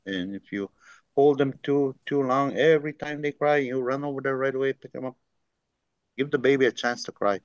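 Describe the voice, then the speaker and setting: A man teaching through unhurried stories, full of fillers and the tag "eh?". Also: medium pitch, steady tone, clear, resonant tone, dry recording. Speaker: language teacher. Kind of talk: storytelling teaching talk. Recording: dry, dull lo-fi recording.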